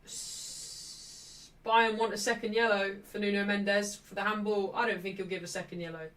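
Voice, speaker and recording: A woman hosting a live football watchalong, chatting cheekily and shouting out at refereeing calls. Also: medium pitch, flat delivery, normal speed, recorded from a distance. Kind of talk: live match watchalong commentary.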